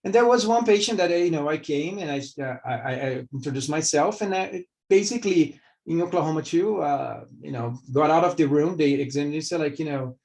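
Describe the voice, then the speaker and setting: Brazilian-accented man, slightly high-pitched. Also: fairly quick, darkish tone. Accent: Brazilian Portuguese. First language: Portuguese. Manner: rambling, many fillers and restarts. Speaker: vascular surgeon. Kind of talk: candid interview answers.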